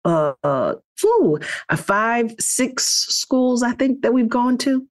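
A woman's voice: a little high, animated, takes it slowly. Laid-back woman hosting a podcast. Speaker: podcast host. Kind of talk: casual chat.

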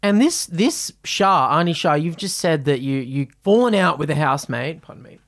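Aussie cohost, low voice, deadpan teasing, comedy pod banter. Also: female voice, normal speed. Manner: teasing, deadpan, mock-angry. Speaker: podcast co-host. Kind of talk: comedy advice podcast banter.

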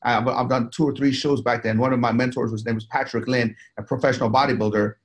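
A man's voice: medium pitch, steady tone, fast. A man, a guest in an interview, telling stories in a rambling, profane way, full of fillers and restarts. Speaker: interview guest, business owner and bodybuilder. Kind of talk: casual storytelling interview.

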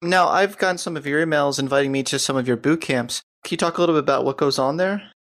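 A man's voice: a little high, fast, a bit bright. A man hosting a podcast, giving brief affirmations and asking his guest questions. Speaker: podcast host. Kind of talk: interviewer.

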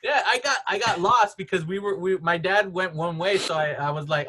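A man's voice: high-pitched, a little fast, sharp tone. A man in his thirties hosting a podcast in casual chat, rambling through stories with lots of filler words. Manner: rambling storyteller, many "like"s, laughs often. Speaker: podcast host.

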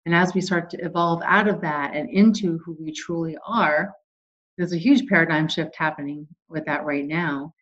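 Woman guest, earnest and calm, fairly low voice, muffled lo-fi sound. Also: normal speed. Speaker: guest expert. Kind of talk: conversational interview.

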